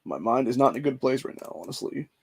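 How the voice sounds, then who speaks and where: Man, 40s, gravelly, rapid, profane rambling vent, emotionally frayed. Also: medium pitch, animated, darkish tone. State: emotional and stressed. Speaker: vlogger. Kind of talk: casual venting monologue.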